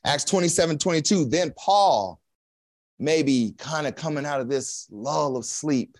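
A man's voice: a little high, expressive, a little slow, a little mellow, dry recording. Folksy preacher man, dry sound. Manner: casual and folksy, with slang and chuckles. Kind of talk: conversational sermon.

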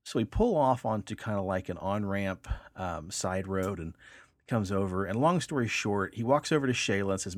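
Low-voiced man telling a story on a podcast. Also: moderate pace, no room sound. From Texas, raised in Kansas. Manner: animated storyteller, acts out voices in quotes. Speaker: podcast co-host. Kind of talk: casual storytelling chat.

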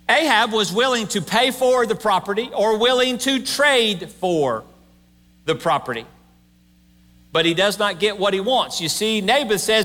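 A male pastor preaching a sermon in a church, conversational and animated as he retells a story, with the room echoing. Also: high voice.

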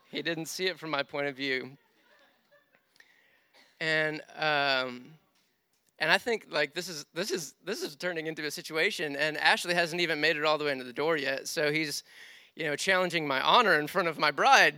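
Bright, animated male pastor preaching. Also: on the high side, moderate pace, pauses often, clear, resonant tone, no room sound. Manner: animated, self-deprecating humor. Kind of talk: sermon with storytelling.

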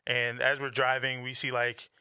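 A young man from the Washington DC area, a guest in a casual podcast chat, talking in a relaxed way and saying "like" a lot. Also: medium pitch, normal speed, smooth, no room sound, studio quality. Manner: relaxed, laid-back, says "like" often.

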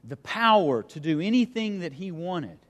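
A man preaching a sermon and reading scripture aloud, pausing for emphasis and letting his voice dip and swell. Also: high-pitched, very animated, a bit bright, big-room sound. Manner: reads scripture aloud, pauses for emphasis, dramatic dips and swells. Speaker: pastor.

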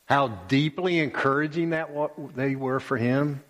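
A man preaching a sermon as pastor, slow and emphatic, pausing often and repeating phrases. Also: mid-range voice, a bit bright. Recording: long reverb of a church hall.

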